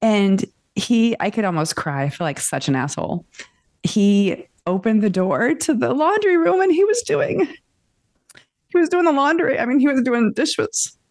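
A woman's voice: a little high, lively intonation, normal speed, darkish tone, no room sound. A woman co-hosting a casual book club chat, sharing candid personal stories. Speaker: podcast co-host.

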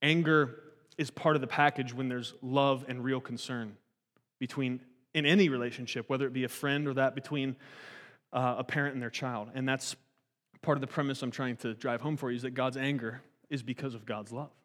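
Animated preaching man in a reverberant hall. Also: medium pitch, brisk. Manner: conversational, animated preaching with many restarts. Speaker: pastor. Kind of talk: sermon.

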